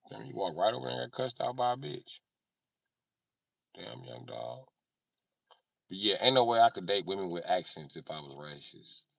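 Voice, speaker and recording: Low-voiced, profane man rambling on a live stream. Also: sing-song, normal speed, gravelly, pauses often, no room sound, studio quality, recorded from a distance. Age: 30s. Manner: profane, rambling, talks back to chat. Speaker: livestream host. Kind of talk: casual live-stream chat.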